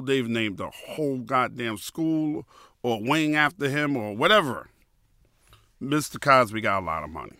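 A man in his fifties hosting a podcast, telling a story in a loose, animated way with slang. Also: medium pitch, smooth, no echo, studio quality. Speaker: podcast host. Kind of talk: casual storytelling.

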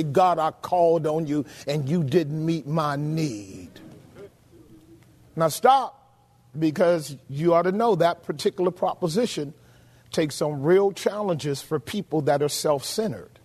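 A man pastor delivering a sermon, questioning the congregation, shouting some lines and dropping to a low murmur on others. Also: slow pace. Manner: preaches with shouted emphasis and sudden drops to a low murmur.

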